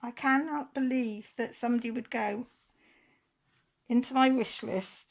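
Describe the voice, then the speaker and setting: A woman's voice: a little high, steady tone, a little slow, creaky. A woman vlogger, chatting casually while unboxing, gushing and near tears.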